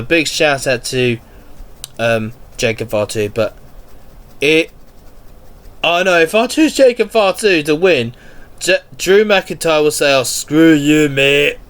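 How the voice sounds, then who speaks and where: A man's voice: fairly high pitch, fairly bright tone, clear, resonant tone. A man hosting a casual solo wrestling podcast, rambling and restarting his sentences, with a cold. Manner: slow, rambling, restarts often. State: has a cold. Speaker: podcast host.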